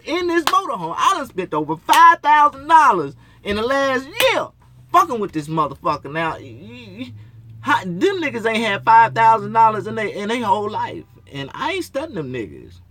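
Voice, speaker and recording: High, lively, bright-voiced man ranting. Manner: profane, rambling rant with frequent cursing. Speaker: talk show host. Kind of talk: solo ranting talk show. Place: in his motorhome.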